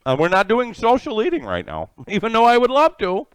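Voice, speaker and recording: Middle-aged man, lively bouncing pitch, dry close sound, casual live-stream chat while eating. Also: brisk, clean tone, no room sound. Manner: excitable, talks with his mouth full, greets viewers by name. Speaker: live-stream cooking host. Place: home kitchen.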